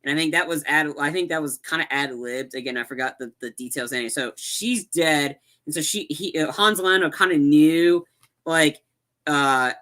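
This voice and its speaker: Bright-voiced man rambling about movies. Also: on the high side, normal speed. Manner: rambling, many fillers and restarts. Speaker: podcast co-host. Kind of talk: casual movie chat.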